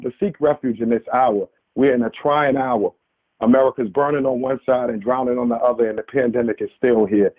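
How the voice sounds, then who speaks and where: A medium-pitched New Yorker calls in to a radio program, speaking briskly in a steady tone with no echo, though the phone line sounds tinny. His impassioned remarks are earnest and preachy, with many restarts.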